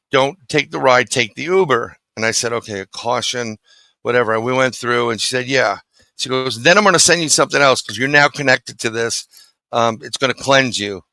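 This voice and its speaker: A middle-aged New man tells a story as an interview guest, acting out each exchange. His voice is gravelly and bright. The sound is dry and close. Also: mid-range voice, no echo, poor audio. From New York City. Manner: animated storyteller acting out dialogue.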